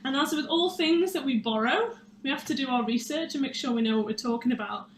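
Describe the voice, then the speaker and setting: A woman's voice: high voice, a little fast. A chatty, bubbly woman, out of breath, hosting a live baking demonstration from her kitchen. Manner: chatty, bubbly, self-deprecating. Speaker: baking show host. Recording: echoey room with faint noise.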